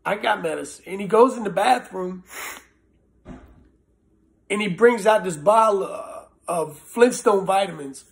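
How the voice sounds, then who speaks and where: Gravelly man giving earnest testimony. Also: sits high. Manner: earnest, halting, blunt with swearing. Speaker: former prisoner sharing recovery story. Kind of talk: personal testimony.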